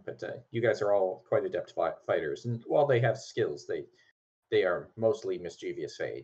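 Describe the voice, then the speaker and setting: GM type, male, deep and husky, loose halting narration, dull lo-fi call audio. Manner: relaxed, hesitant, many ums and likes. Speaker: game master. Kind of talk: narrating a tabletop game.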